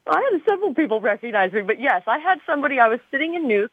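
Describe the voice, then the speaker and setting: A woman's voice: sits high, big pitch swings, very fast, husky, dry recording. A woman from Arizona, a TV show star, chatting as a guest in an interview in a bubbly way with many fillers, heard over a tinny phone line. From Arizona, USA. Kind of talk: casual interview chat.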